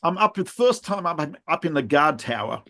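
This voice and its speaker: On a podcast he co-hosts, a middle-aged rabbi recounts animated anecdotes in relaxed conversation, laughing and starting over now and then. He speaks at a normal speed with a fairly high pitch.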